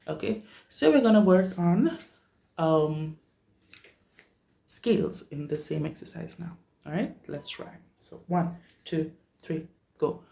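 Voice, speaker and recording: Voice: slow, vocal fry, long pauses, dark tone. A vocal coach teaching vowels in a workshop, checking in with listeners often. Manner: checks in often, demonstrates vowels at high pitch. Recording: echoey room.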